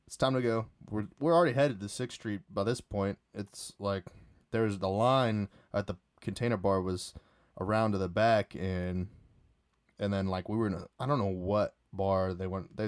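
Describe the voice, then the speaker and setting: A man's voice: fairly low pitch, steady tone, moderate pace, dry recording, clean studio sound. A young man telling a casual, rambling story about a night out, full of restarts and fillers.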